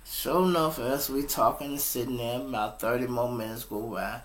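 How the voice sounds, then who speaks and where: Animated profane man telling a story. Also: mid-range voice, moderate pace. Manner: animated, profane, addresses listeners as y'all. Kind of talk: casual storytelling to an audience. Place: at a computer setup.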